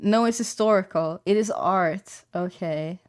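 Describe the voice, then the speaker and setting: A woman's voice: on the low side, a little slow. A young woman streamer chatting casually, rambling in a laid-back way, swearing and laughing often. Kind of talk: casual chat.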